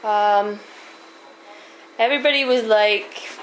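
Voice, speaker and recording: A woman recapping a tabletop game session in character, halting and amused, with lots of fillers. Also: mid-range voice, a little hiss or hum, poor audio.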